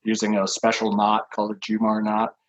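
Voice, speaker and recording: A man's voice: lowish voice, monotone, fairly quick, dull audio. A man in his sixties, a podcast guest telling rambling stories with lots of fillers and chuckles. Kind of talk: casual anecdotal storytelling.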